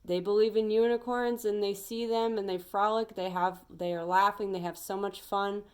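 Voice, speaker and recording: A woman's voice: mid-range voice, steady tone, normal speed, smooth. A young adult woman giving an earnest, emphatic pep talk as a tarot reader, rambling a little as she goes.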